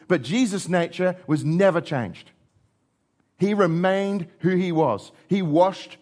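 A middle-aged man delivering a sermon in a fairly high voice. He swings between quiet, low asides and raised, excited passages as he acts out the exchanges he describes. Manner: animated, acts out dialogue with shifting pitch and volume. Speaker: preacher.

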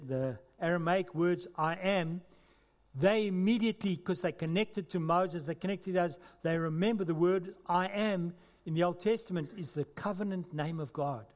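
A man's voice: sits high, normal speed, a little mellow, in a large hall. A man preaching a sermon to his congregation in a church, earnest and conversational. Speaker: pastor. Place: church hall.

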